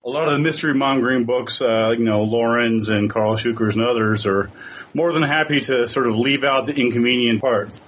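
A man co-hosting a podcast, making quick offhand remarks in casual chat. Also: medium pitch, fairly bright tone. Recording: muffled lo-fi line.

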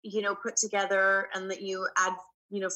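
A woman's voice: mid-range voice, flat delivery, normal speed, bright, forceful tone, low-quality recording. A woman, an actress guest in an interview, speaking in a reflective, earnest way. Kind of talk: casual interview chat.

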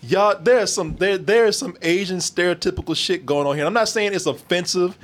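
A man co-hosting a casual movie talk, animated and profane, laughing often and acting out scenes. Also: sits high, normal speed. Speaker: movie review podcast co-host. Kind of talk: casual chat.

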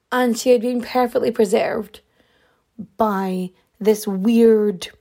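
A woman's voice: a little high, mellow. Chatty woman telling a crime tale. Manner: chatty, rambling, lots of fillers and asides. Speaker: storyteller. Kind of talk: casual true crime storytelling.

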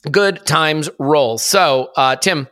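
Bright-voiced podcast host, dry sound. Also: male voice, fairly high pitch, smooth, no room sound. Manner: joking, self-mocking, quick. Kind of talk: casual podcast chat and ad reads.

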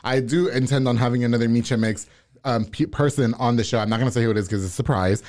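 A man's voice: medium pitch, steady tone, quick pace, darkish tone. A man hosting a podcast interview, chatting casually and switching between English and Spanish, laughing often. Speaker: podcast host.

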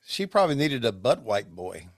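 A man co-hosting a podcast, chatting casually and telling rambling stories with many halting restarts. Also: mid-range voice, very animated, no echo, clean studio sound. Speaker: podcast co-host, former wrestling commentator. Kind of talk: casual chat.

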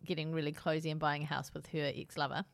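A woman's voice: deep voice, level tone, fast, gravelly, no room sound. A woman co-hosting a casual podcast chat, wry and chatty, laughing often. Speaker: podcast co-host. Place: dining room.

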